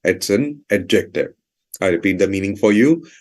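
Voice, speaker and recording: A man's voice: low-pitched, expressive, normal speed. A man teaching vocabulary, explaining each word's meaning and repeating definitions and example sentences with fillers like "you know".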